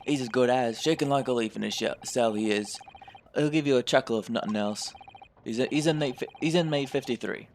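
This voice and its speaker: A man's voice: medium pitch, brisk, a little hiss or hum, natural voice. A man voicing a blunt, dismissive middle-aged police inspector in a put-on British accent while playing a game.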